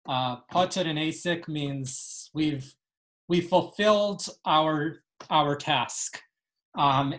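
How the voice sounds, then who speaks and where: A woman teaching an online lesson on Yiddish dialects, reading passages aloud and translating them. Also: low voice. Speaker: webinar teacher. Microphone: video call.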